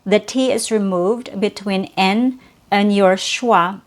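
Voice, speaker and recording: A woman teaching an English pronunciation lesson, saying each example word slowly and repeating it. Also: mid-range voice.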